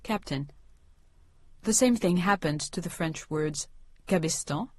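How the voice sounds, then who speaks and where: A woman with a lowish voice reads a language lesson as scripted narration, every word clearly enunciated. She slows down to set example words apart. The sound is close and dry, with no room around her. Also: dry recording.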